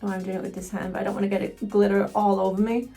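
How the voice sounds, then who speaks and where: A woman chatting casually through a makeup tutorial, excitable and quick to swear. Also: medium pitch, vocal fry, soft background music. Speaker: cosplayer doing a makeup tutorial.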